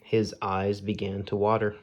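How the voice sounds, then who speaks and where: A man reading a children's storybook aloud in a slow, measured storytelling manner. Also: on the low side, completely flat delivery. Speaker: storybook reader.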